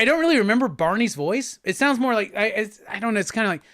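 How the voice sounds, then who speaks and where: A man's voice: sits high, animated, fast, few pauses, a bit bright, no echo, studio quality. A man hosting a live stream, chatting casually, joking, swearing and reading viewer comments aloud. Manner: loose and joking, swears, laughs, reads chat aloud.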